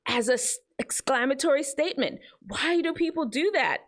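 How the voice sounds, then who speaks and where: Woman host, teen advice talk, very expressive swoopy pitch, chatty. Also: normal speed. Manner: animated, chatty, jumps between high and low tones. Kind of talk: casual advice talk to teens.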